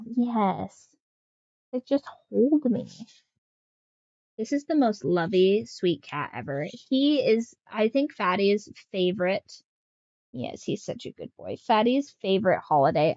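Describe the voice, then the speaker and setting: A woman's voice: mid-range voice, a little mellow, no room sound. A young woman streaming from home, chatting casually and rambling in baby talk to her pets. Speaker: streamer and author. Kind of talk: casual livestream chat. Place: room at home. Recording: slightly dull lo-fi stream audio.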